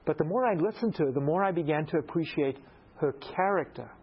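A man preaching a storytelling sermon, animated and self-mocking, acting out the dialogue in his story. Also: a little high, fast talker, muffled recording, slight background noise.

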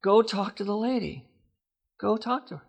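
A man voicing a patient, insistent inner divine voice that repeats its gentle commands. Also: sits high, normal speed, vocal fry, husky, pitched above the performer's own voice, full character voice. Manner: repetitive, coaxing commands.

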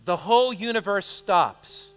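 A man's voice: sits high, lively intonation, a little slow, a bit bright, smooth. An American man preaching a sermon, calling out questions to the audience and joking with them. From United States. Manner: call-and-response, joking with the audience. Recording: long hall reverb.

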